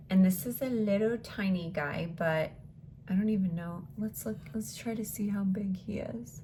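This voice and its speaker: A woman's voice: mid-range voice, unhurried, a little mellow, a little hiss or hum. A woman vlogger chatting casually as she unboxes beauty samples, thinking aloud and now and then dropping into a whisper.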